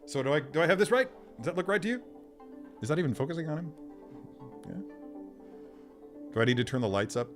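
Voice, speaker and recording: A man's voice: a little high, expressive, fairly quick, pauses often. A man hosting a casual live stream, chatty and self-deprecating, thinking aloud and answering viewer comments as he works. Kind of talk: casual live-stream chat while unboxing. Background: faint sci-fi music.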